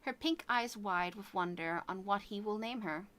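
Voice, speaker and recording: An Irish woman reads a story aloud to her stream, now and then tripping over words and restarting. Her voice is bright and clear, sitting in a middle pitch range. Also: normal speed. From Ireland. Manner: stumbling, self-correcting reading. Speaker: VTuber streamer.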